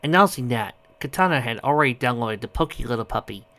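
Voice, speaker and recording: A man's voice: medium pitch, animated, fast, pushed and bright. A man reading a fan story aloud, often stumbling over a word and correcting himself. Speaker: audiobook reader.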